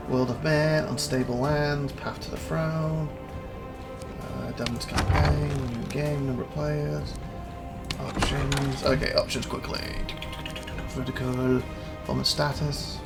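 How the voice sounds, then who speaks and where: A man hosts a relaxed let's-play and chats his way through the menus, thinking aloud as he goes. His voice has a gravelly rasp at a middling pitch. Loud game music plays underneath him. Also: unhurried. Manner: rambling, chatty, thinks aloud while reading menus. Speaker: gaming channel host. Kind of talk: casual let's-play commentary.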